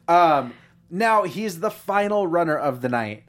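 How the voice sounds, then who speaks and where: A woman with a deep, low voice co-hosts a fan after-show in relaxed conversation. She recaps runs with numbers and slips in quick jokes, keeping an upbeat tone. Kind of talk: casual chat.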